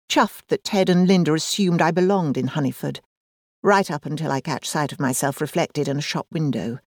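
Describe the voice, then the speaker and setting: A woman's voice: low-pitched, darkish tone, no echo, clean studio sound. A woman, reading a first-person audiobook in a wry, self-deprecating, conversational manner. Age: 40s. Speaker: audiobook narrator.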